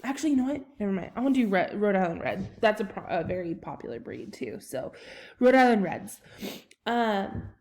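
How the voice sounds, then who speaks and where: A woman's voice: medium pitch, sing-song, a little fast, a little mellow. Woman, teacher, young adult, chatty, rambling, casual lesson. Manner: chatty, rambling, many ums and self-corrections. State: has the hiccups. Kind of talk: casual screen-recorded lesson walkthrough.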